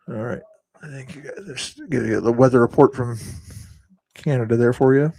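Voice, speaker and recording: A man's voice: mid-range voice, darkish tone, dry recording. A man hosting a late-night live stream, chatting loosely and rambling to his viewers. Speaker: livestream host. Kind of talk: casual live-stream chat.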